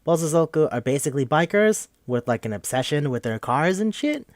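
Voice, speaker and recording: A man's voice: fairly high pitch, very animated, a little fast, no echo, studio quality. A man hosting a podcast, recapping a game in a rambling, joking, profane casual chat. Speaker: podcast host.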